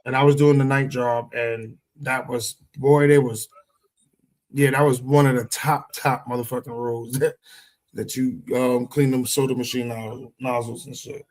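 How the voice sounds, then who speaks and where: A man's voice: medium pitch, little pitch movement, moderate pace, darkish tone, rough recording. A man chatting casually on a podcast in a laid-back way, swearing freely. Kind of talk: casual chat.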